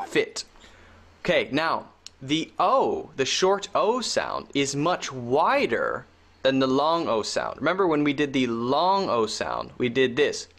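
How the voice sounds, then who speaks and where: A man teaching English pronunciation on a video call, slowly explaining and modeling vowel sounds. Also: mid-range voice, a bit bright. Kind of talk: pronunciation lesson.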